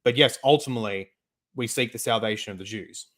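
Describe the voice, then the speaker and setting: A man's voice: on the low side, quick pace, fairly bright tone. A man hosting an interview, wrapping it up for the audience in careful, formal wording. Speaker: host. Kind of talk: measured summary for the audience.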